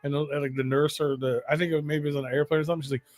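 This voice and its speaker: A man with a slightly raised pitch, chatting loosely in slang and trailing off into restarts. He swears casually, and faint music sits behind his voice. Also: little pitch movement, racing, a little mellow, no echo. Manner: rambling, slangy, profane. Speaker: co-host. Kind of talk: casual podcast banter.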